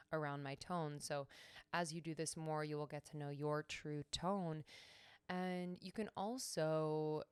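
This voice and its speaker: A young woman with a low, very smooth voice talks through her own wellness practice on a solo podcast. She alternates slow, soothing guidance with brisk, emphatic bursts of encouragement. The sound is close and dry, with no room in it. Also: no echo. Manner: slow, soothing guidance with hums and sung tones; breaks into brisk, emphatic pep-talk bursts. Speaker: podcast host.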